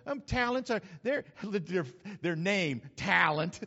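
A man preaches a sermon to his congregation, emphatic and calling out to them as he goes. His voice sits high and leaps around with animated pitch. The sound is dull and lo-fi, ringing through a long church-hall reverb. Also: slow pace, gravelly. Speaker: pastor. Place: church sanctuary.

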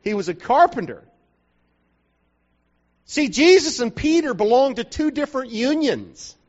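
Preacher man, high voice, chatty and jokey sermon, asks if ya following, dull muffled recording. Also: very animated, a little slow, a little mellow. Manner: conversational and joking, often checks the listeners are following. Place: church hall.

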